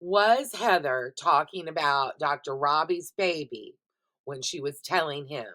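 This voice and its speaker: In a casual, chatty recap vlog, a middle-aged woman with a lowish voice reviews TV shows at a measured pace. She addresses her viewers directly, expressive and freely profane.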